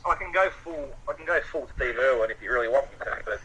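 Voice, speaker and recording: A man's voice: medium pitch, animated, fast talker, very noisy. A man from Melbourne with an Australian accent, chatting casually as a podcast guest and swearing freely. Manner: laid-back, swears freely. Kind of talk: casual chat.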